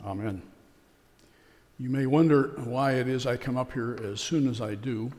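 A man's voice: mid-range voice, moderate pace, darkish tone. A man preaching a sermon as pastor. He speaks in a folksy, conversational way with a few fillers. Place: church. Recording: long church reverb.

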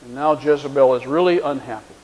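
A man's voice: medium pitch, brisk, a little mellow, lo-fi sound. A man preaching a sermon, retelling a story and acting out the quoted lines in shifting voices. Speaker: pastor. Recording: long reverb of a large hall.

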